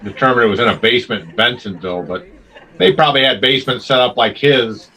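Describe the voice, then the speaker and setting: A man's voice: medium pitch, fast talker, pushed and bright, breathy edge. A man hosting an interview, chatty, laughing along and asking follow-up questions. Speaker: interviewer, host. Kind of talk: casual interview. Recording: voice distant from the mic.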